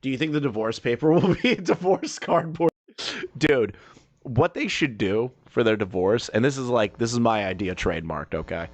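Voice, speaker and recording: A man's voice: lively intonation, normal speed. Guy doing a reaction stream, swears a lot, mocking and rambly, voice jumps way up when he gets worked up. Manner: mocking, profane and rambling, with sudden loud jumps in pitch. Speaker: commentary streamer reacting to a video. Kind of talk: casual reaction commentary.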